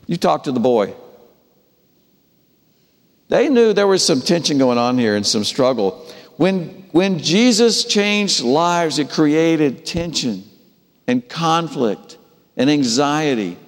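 A man preaching a sermon, telling the story with animated delivery and acting out the characters' voices. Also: a little high, takes it slowly, in a large hall. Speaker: pastor.

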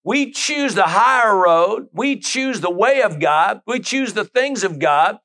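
A man's voice: high voice, lively intonation, unhurried, sharp tone. A man preaching a sermon as pastor, reading scripture and adding frequent amens.

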